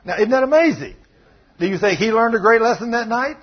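This preacher's voice is extremely high and a little fast, with a breathy edge, heard through dull audio. He brings his sermon stories to life, acting out each character.

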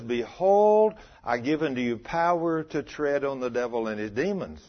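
A man preaching a sermon, telling a story with animated delivery and calling out questions to his congregation. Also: medium pitch, dull audio. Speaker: pastor.

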